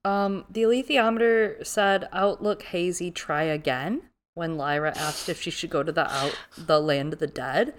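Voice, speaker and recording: A woman co-hosting a podcast recaps a series in a casual, animated way. Her voice sits a little low. She keeps breaking into playful impressions of the characters as she talks. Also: normal speed, few pauses. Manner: animated, acts out characters' lines in big voices. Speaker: podcast co-host. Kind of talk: casual chat, recapping a TV show.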